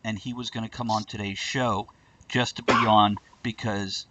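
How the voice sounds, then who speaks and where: A man's voice: lowish voice, fairly even intonation, moderate pace, very noisy. A man hosting a casual live-stream chat show, talking loosely and swearing now and then. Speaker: host.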